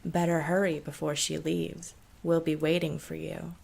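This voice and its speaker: A woman voicing a cold, threatening middle-aged male gambler who speaks slow, broken English with a heavy Eastern European accent. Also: on the high side, little pitch movement, gravelly, a little mellow, breathy edge, full character voice.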